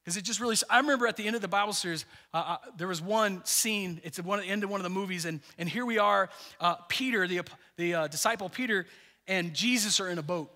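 A high-pitched, bright-voiced man gives a sermon from the pulpit in a lively, chatty way, stumbling and restarting as he goes. His voice rings out with a long reverb, as in a church sanctuary. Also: quick pace. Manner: animated, conversational preaching with many fillers and restarts. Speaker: pastor.

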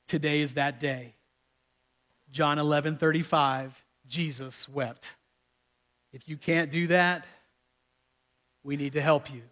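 A man with a high, light voice preaches to his congregation. He talks emphatically, surging loud and then dropping to slow, hushed phrases. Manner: emphatic preaching, switching between loud bursts and quiet drawn-out phrases. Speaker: pastor. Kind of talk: sermon.

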